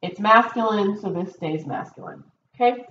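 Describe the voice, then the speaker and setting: A woman's voice: medium pitch, moderate pace, fairly bright tone. A woman teacher in a classroom, patiently walking her students through a test with many ums and okays. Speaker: Spanish teacher. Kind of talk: recorded test review lesson. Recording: dull roomy recording with faint noise.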